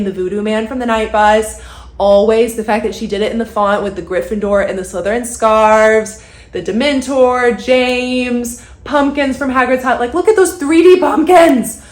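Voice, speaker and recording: A young woman with a slightly high voice talks casually to her camera, rambling from one thing to the next and leaning on "like" as she goes. She is at home, and the room adds a noticeable echo to her voice. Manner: chatty, rambling, lots of "like" fillers. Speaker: content creator. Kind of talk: casual vlog chat. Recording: roomy echo.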